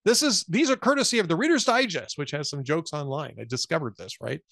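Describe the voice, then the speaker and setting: A man's voice: a little high, animated, fast talker, gravelly, a bit bright, no room sound, studio quality. A man hosting a podcast, chatting casually about politics with a guest and telling wry jokes. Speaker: podcast host.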